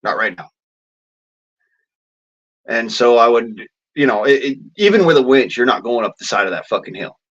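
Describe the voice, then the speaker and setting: A man's voice: mid-range voice, expressive, normal speed, long pauses, fairly bright tone, lo-fi sound. A man ranting in a vlog, swearing constantly in a blunt, rambling way with folksy slang. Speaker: vlogger.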